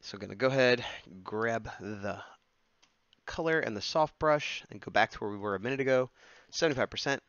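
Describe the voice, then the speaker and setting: A man's voice: mid-range voice, lively intonation, fairly quick, clear, resonant tone, no room sound, muffled recording. A man streaming himself sketching, muttering and humming as he draws and chatting to viewers in a casual way. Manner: mutters and hums to himself while drawing, then turns to chat brightly. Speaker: streamer sketching and taking requests. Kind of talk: casual live-stream chat while drawing.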